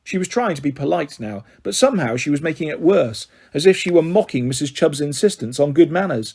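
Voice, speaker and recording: A man reading a children's novel aloud in steady storybook narration. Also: fairly high pitch, fairly quick, slightly rough.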